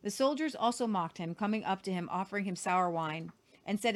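A woman reads scripture aloud in an earnest, unpolished way. She now and then trips over and repeats a word, and she breaks off for casual remarks of her own. Her pitch sits in the middle range for a woman. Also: expressive, fairly quick. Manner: earnest, stumbles and repeats words while reading. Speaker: co-host of a Christian show.

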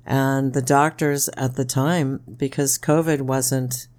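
A podcast co-host in casual chat, an animated storyteller who laughs often and keeps saying "you know". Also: slow. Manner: animated storyteller, jumps into high-pitched impressions, laughs often.

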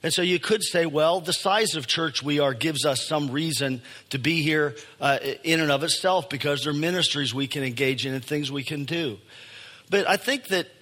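A middle-aged male pastor delivers a sermon in a loose, conversational way, pausing on fillers and restarting phrases as he thinks aloud. His voice sits a little higher than most men's, and the sound carries a long reverb off the church walls. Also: bright, forceful tone. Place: church sanctuary.

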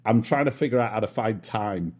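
British guy, husky voice, jokes at his own expense, pitch bounces all over. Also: animated, a little fast, darkish tone. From Britain. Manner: self-mocking, laughs often. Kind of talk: casual chat.

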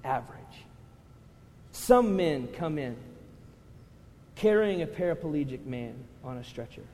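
A male pastor preaching to a congregation, conversational with loud impassioned rises. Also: fairly high pitch, lively intonation, measured pace. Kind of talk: sermon. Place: church hall with congregation. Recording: reverberant hall with faint ambience.

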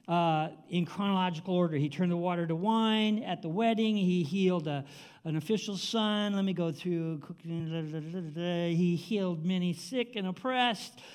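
Pastor, 70s, male, high-pitched, chatty and exclamatory from the pulpit. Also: a little mellow. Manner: exclamatory, conversational preaching with asides. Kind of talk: sermon.

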